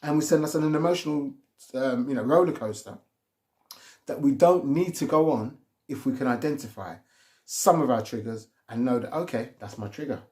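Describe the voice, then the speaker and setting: A man's voice: medium pitch, normal speed, a little mellow. A man giving rambling, casual advice on emotional triggers, often restarting his sentences. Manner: rambling, repeats and restarts himself.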